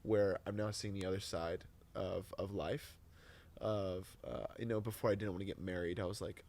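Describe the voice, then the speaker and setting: A young man, a Christian influencer guesting on a podcast, telling stories in an animated way and dropping to a whisper for quotes. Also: deep voice, moderate pace. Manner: animated storyteller, drops to a whisper when quoting. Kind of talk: casual chat.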